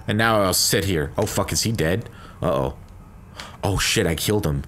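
Brief: male game commentator, bright forceful tone, lively swings, crude loud outbursts, faint background hiss. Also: low voice, moderate pace. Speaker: gaming commentator. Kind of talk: let's play commentary.

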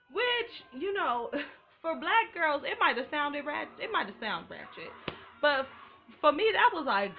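Woman host, bright and animated, slangy recap chat. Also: high voice, unhurried, a little hiss or hum. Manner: animated and profane, full of slang. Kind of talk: casual recap commentary.

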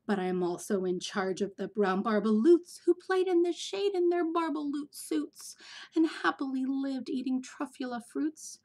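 A woman's voice: high-pitched, lively intonation, a little slow, a little mellow, pitched above the performer's own voice. Woman doing a grumpy little old forest creature. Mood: indignant. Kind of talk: storybook read-aloud.

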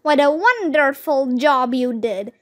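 A welcoming frontier stepmother from a storybook, kind and warm in her greeting as a woman reads her aloud. She speaks in a high, slow voice. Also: lively intonation.

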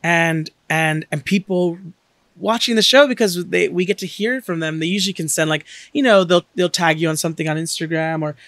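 A man's voice: fairly high pitch, a little fast, no room sound. A man hosting a podcast, chatting casually and acting out quoted lines as he tells stories. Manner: animated storyteller, acts out quotes. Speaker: podcast host. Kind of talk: casual chat.

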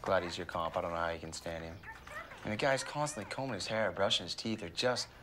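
An actor playing a deep-voiced, sarcastic missionary. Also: male voice, quick pace, natural voice. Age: young adult. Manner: sarcastic, grumbling.

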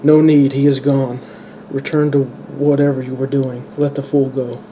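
A man voicing a curt guild leader who brushes things off in a brisk, dismissive way, on a dull home recording. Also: mid-range voice, little pitch movement, a little hiss or hum, close to an everyday voice.

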